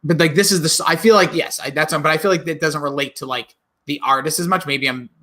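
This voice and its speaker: Bright, higher-voiced rambling male podcaster. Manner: rambling, chatty, quick to laugh. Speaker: podcast co-host. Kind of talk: casual chat.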